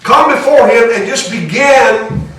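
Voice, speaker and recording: A man preaching with a fairly high voice, earnest and pressing, often restarting a phrase to drive it home. He sounds set back from the mic in a big echoing church room. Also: animated, a little slow, fairly bright tone. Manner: earnest, restarts phrases while building a point. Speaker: pastor. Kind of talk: sermon. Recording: echoey hall, voice from far off the mic.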